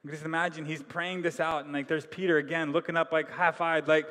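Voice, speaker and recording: Pastor, male, higher-pitched voice, conversational sermon delivery, long hall reverb. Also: level tone, fast, pushed and bright. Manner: casual, conversational preaching.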